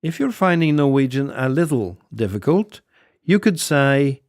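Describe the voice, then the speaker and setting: A man teaching a scripted audio language lesson, patiently repeating phrases slowly for learners. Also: mid-range voice, big pitch swings, darkish tone, no room sound, clean studio sound.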